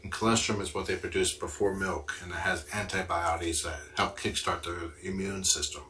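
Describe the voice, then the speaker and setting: A man's voice: low voice, fairly even intonation, moderate pace, pushed and bright. A man hosting a livestream, chatting casually and answering viewer comments as they come in. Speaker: livestream host. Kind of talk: casual chat with live viewers.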